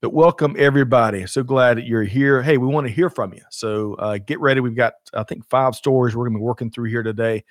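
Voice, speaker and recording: A man's voice: medium pitch, fast, few pauses, no echo, studio quality. A man co-hosting a livestreamed show in casual chat, upbeat and chatty, with frequent laughs and fillers. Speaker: co-host of a livestreamed supply chain show.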